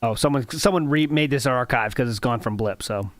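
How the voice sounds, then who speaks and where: A man's voice: medium pitch, a little fast, a little hiss or hum. A man hosting a podcast, rambling with many fillers as he comments casually on old video footage. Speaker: podcast host.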